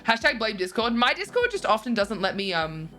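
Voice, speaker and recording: With faint music behind her, a twenty-something woman reads viewer messages aloud during a relaxed stream, giggling frequently and full of bubbly energy. Her fairly high voice comes across as very animated, brisk, pushed, and bright.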